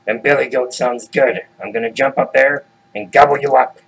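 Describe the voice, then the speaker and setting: A man voicing a hungry male bridge troll who shouts in a slow, menacing way. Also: medium pitch, fairly even intonation, creaky, husky. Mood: greedy.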